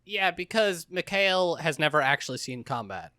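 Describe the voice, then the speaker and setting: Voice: medium pitch, lively intonation, moderate pace, sharp tone, dry recording, studio quality. A podcast co-host recapping a game in casual chat, sarcastic and wry.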